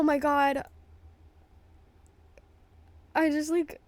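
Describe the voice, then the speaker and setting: Flustered high-voiced young woman streamer. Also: little pitch movement, takes it slowly, long pauses, no room sound. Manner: flustered, apologetic, swings from hushed to loud. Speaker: livestreamer. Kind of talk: casual livestream chat.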